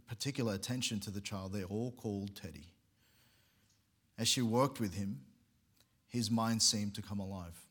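A man with a somewhat low voice preaches, telling a story from the pulpit in an earnest, measured way. He sometimes stumbles and restarts a phrase. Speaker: pastor. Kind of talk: sermon storytelling.

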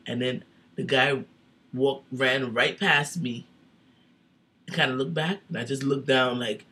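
A man's voice: medium pitch, fairly even intonation, unhurried, sharp tone. A man co-hosting a casual podcast chat, an easygoing storyteller who leans on fillers. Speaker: podcast co-host.

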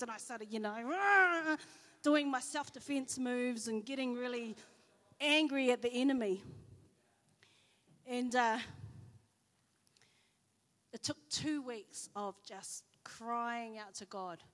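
Woman, church speaker, chatty sermon storytelling, fairly high voice, long hall reverb. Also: slow, pauses often. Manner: chatty, animated storytelling with fillers. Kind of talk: sermon with personal stories.

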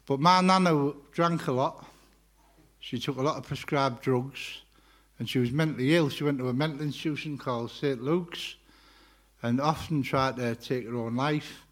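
A man, talking fast in a chatty, joking way as a guest preacher at a church carol service. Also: mid-range voice. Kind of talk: sermon-style personal testimony. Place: church carol service before a live congregation. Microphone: handheld microphone.

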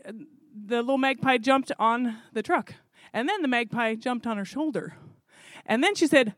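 High-pitched woman telling a zoo story, lots of ums, very chatty, dry close sound. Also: no room sound. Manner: animated, chatty, with fillers and laughs. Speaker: zoo volunteer coordinator. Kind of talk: casual storytelling.

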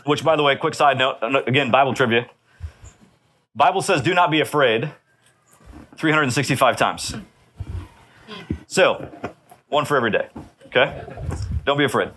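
A man's voice: medium pitch, moderate pace, long pauses, fairly bright tone, a little hiss or hum. A man preaching a sermon in a conversational way, often checking in with his listeners. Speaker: pastor.

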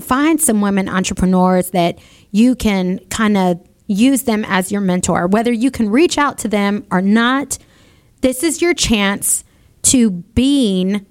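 A woman in her forties hosting a motivational radio talk show, upbeat and chatty, laughing often. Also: mid-range voice. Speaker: radio show host and salon owner. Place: radio studio.

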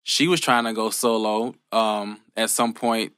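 A man co-hosting a casual gossip chat, relaxed, chatty and profane. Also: fairly low pitch, unhurried, clean tone, dry recording, clean studio sound. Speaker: podcast co-host.

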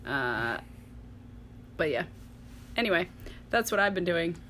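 A woman's voice: on the low side, very animated, takes it slowly, a bit bright, slight background noise. A woman in a casual podcast chat, rambling through what she has been reading and watching, with laughter and dry sarcastic asides. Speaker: podcast co-host.

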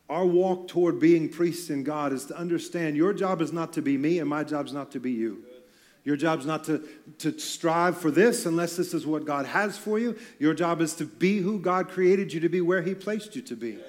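A man's voice: on the high side, normal speed, darkish tone. A man preaching a sermon on stage in a church, talking in a loose, conversational way with joking asides. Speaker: pastor.

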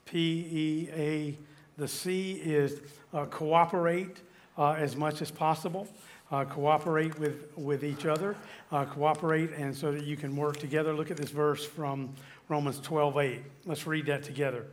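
A man's voice: fairly high pitch, steady tone, normal speed, a little hiss or hum. A man preaching a sermon on relationships, reading verses and asking his listeners questions. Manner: teaching with scripture, asks the audience questions. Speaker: pastor.

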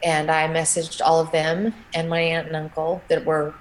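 A middle-aged woman recounts a personal story as an interview guest, her voice sitting a little low. She talks in a halting, emotional way, often restarting her sentences. A faint hiss of noise runs under the recording. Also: completely flat delivery, rough recording.

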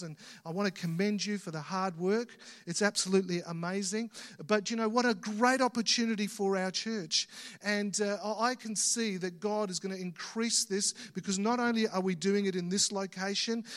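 A man, a pastor giving church announcements from the pulpit with plenty of enthusiasm and frequent ums and restarts. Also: high-pitched. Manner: enthusiastic, many fillers and restarts. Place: church auditorium. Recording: long reverb in a church hall.

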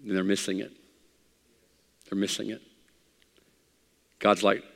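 A male pastor preaching a sermon, swinging between loud, high exhortation and quiet, low asides to his congregation. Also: flat delivery, takes it slowly, creaky, pauses often, long reverb tail.

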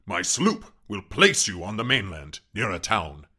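A man's voice: fairly low pitch, big pitch swings, measured pace, bright, forceful tone, husky, exaggerated voice. A man voicing a suave, menacing aristocratic Cossack general in an audiobook reading, with a courtly, mocking manner.

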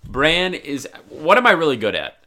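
A man co-hosting a comedy podcast, talking loud and profane and laughing often. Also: fairly high pitch, huge pitch swings, normal speed. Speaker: podcast co-host. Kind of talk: casual comedic chat.

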